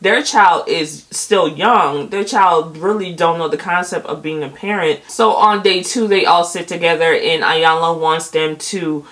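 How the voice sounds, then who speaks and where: A woman's voice: lowish voice, measured pace, hardly any pauses, a bit bright, rough recording. A young woman giving a casual, emphatic recap of a TV episode. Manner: chatty, emphatic, quotes people with feeling. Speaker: video host recapping a TV episode.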